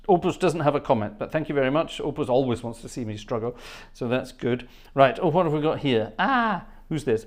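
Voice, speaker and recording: Guy rambling on his livestream, chatty, keeps laughing and thanking people, mid pitch, home setup. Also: sing-song, fairly quick. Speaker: livestream host and organist. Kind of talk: casual livestream chat. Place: home studio.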